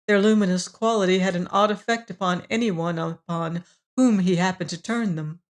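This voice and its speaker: A woman narrating a classic novel as an audiobook, measured and expressive. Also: medium pitch. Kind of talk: scripted narration.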